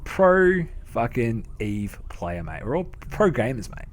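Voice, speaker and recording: A man's voice: medium pitch, big pitch swings, takes it slowly, faint music behind. An Australian man in his thirties, a game streamer telling casual stories, swearing freely and laughing as he talks. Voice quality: profane, laughing, matey. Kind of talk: casual storytelling chat.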